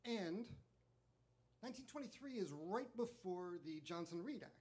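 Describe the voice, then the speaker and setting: Male speaker at a listening event, slightly high voice, casual and animated. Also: a little slow. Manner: chatty, animated, frequent fillers. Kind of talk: storytelling talk to a live audience.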